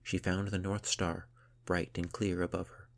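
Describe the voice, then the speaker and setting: A man narrating a storybook in a slow, measured, soft reading voice. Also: low-pitched, level tone, creaky.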